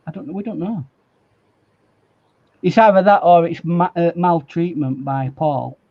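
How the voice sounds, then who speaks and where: Painting live as a guest watercolor artist, a Yorkshire man rambles and cracks jokes, laughing often. His Yorkshire English accent comes in a slightly high voice at a slightly slow pace, recorded with lo-fi sound.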